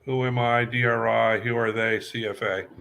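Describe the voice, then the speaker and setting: A man's voice: medium pitch, flat delivery, moderate pace, vocal fry, fairly bright tone. An older man from New York, a guest musician, telling long stories in a rambling way and repeating words as he remembers. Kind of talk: casual storytelling interview.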